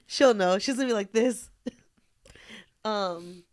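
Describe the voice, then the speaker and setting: A woman's voice: medium pitch, slow, a little mellow. A young woman co-hosting a podcast in casual chat. She tells stories with lots of energy, acts out the quotes and swears freely. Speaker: podcast co-host.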